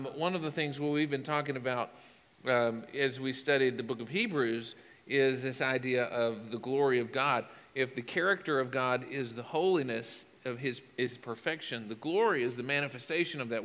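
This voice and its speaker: A man's voice: medium pitch, a bit bright, long reverb tail. A male pastor preaching a conversational sermon with emphatic bursts.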